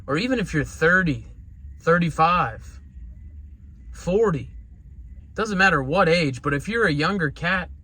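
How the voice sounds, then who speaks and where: An earnest man with a somewhat high voice gives a rambling motivational talk. He swears freely and talks plainly. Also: lively intonation, measured pace, long pauses, bright, forceful tone, slightly rough. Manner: earnest, rambling, salty language. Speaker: motivational speaker.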